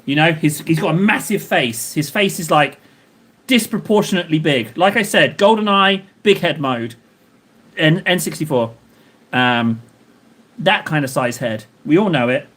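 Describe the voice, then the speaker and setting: Guy painting minis on stream, rambling jokey chat, voice a bit on the high side. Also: animated, moderate pace, a bit bright. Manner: joking, rambling banter with chat. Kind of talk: casual chat while painting miniatures.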